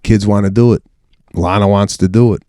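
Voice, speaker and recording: A man's voice: lowish voice, fairly even intonation, a little fast, mellow, no echo, studio quality. A middle-aged man co-hosting a podcast, chatting casually in a wry, incredulous way and swearing now and then. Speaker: podcast co-host. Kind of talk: casual chat.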